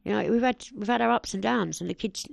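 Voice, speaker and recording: A woman's voice: mid-range voice, quick pace, vocal fry, dry recording. A woman, a podcast guest talking bluntly and animatedly, acting out what others said. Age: 40s. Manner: blunt and animated, acts out quoted speech. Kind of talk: candid interview chat.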